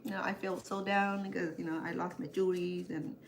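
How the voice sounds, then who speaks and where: While cooking for her show, an older woman host tells rambling, chatty family stories, imitating family members' voices along the way. She speaks fairly quickly in a lowish, level-toned voice, with slight background noise.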